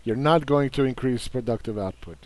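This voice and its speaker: A man talks through a market overview with a combative, dismissive edge. His voice sits at an ordinary middle pitch. He leans on repeated words to drive his points home. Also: a little fast, a little mellow, dry recording. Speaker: investing commentator. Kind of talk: casual market commentary.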